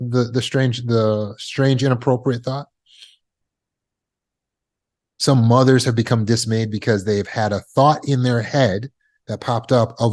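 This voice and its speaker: A man's voice: mid-range voice, darkish tone. A man teaching trauma recovery as a coach, speaking emphatically and repeating phrases for effect. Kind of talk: motivational teaching talk.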